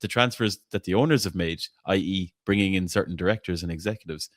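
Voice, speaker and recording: A blunt man hosts a casual football podcast chat in a low, deep register. He is opinionated and swears freely, stumbling and repeating words as he builds his case. The recording is dry and close, with no room sound. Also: quick pace, dry recording. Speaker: podcast host.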